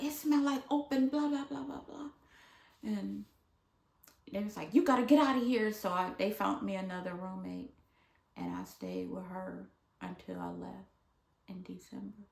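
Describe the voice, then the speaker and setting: A woman from Michigan telling a casual storytime, acting out the people she quotes and at times dropping to a hush. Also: fairly low pitch, gravelly. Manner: animated, dramatic retelling with voiced quotes; drops to hushed near-whispers at times. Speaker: vlogger. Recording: echoey room.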